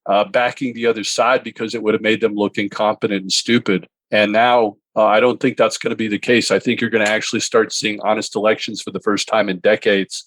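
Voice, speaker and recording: A man's voice: lowish voice, flat delivery, fairly quick, few pauses, a bit bright, dry recording. A man hosting a political talk show, blunt and combative, cursing freely. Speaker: podcast host.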